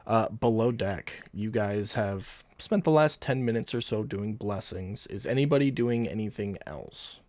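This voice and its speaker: A man running a tabletop game as game master, narrating scenes in a relaxed, rambling manner. His voice sits on the low side and sounds dry and close to the mic. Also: a little slow, few pauses, no room sound.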